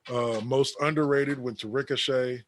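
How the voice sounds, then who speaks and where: Casual male podcast co-host, mid pitch, dry close mic, sarcastic list-reading. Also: fairly even intonation, normal speed, dry recording. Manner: reads award list aloud with sarcastic asides and laughs.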